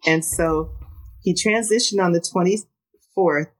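A woman's voice: fairly low pitch, slow, rough recording. A middle-aged woman, a podcast guest, earnestly recounting a personal story and repeating words as she goes.

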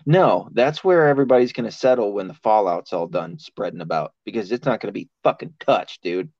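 A man's voice: lowish voice, animated, fairly quick, a little mellow, no room sound. A man in casual podcast chat, talking in a rambling, profane way and laughing often. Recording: dull lo-fi sound.

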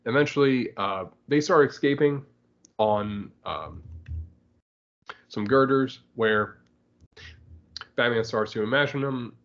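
A man's voice: medium pitch, slow pace, pauses often, fairly bright tone, highs cut off. A man co-hosting a podcast, casually recapping a comic book with frequent laughter and acted-out lines. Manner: laughs often while recapping, acts out lines. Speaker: podcast co-host.

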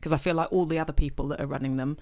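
A middle-aged woman, chatting casually as a podcast co-host, self-deprecating and quick to laugh. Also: low voice, steady tone, a little mellow. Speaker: podcast co-host, choir leader. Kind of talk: casual chat.

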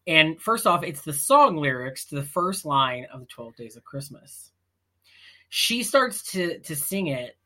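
A woman's voice: low-pitched, very animated, measured pace, pushed and bright. A woman co-hosting a podcast, recapping a film in blunt, mocking casual chat. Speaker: podcast co-host.

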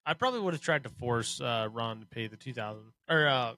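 A man's voice: mid-range voice, expressive, brisk, pushed and bright, dry recording. A man co-hosting a podcast, chatting casually with short, playful remarks. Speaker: podcast co-host. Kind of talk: casual chat.

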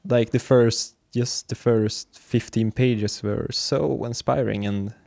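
A man talks casually about his reading with a relaxed, hesitant delivery, trailing off and restarting his thoughts. His voice sits at an ordinary middle pitch. The recording is close and dry, with no room sound. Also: takes it slowly, vocal fry, dry recording. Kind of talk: casual chat about books.

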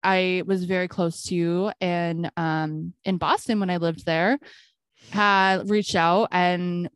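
A woman co-hosting a podcast speaks slowly and clearly, her fairly low voice resonant in a dry recording. Casually recounting a story, she brings it to life by acting out the conversation's back-and-forth, with plenty of "I'm like".

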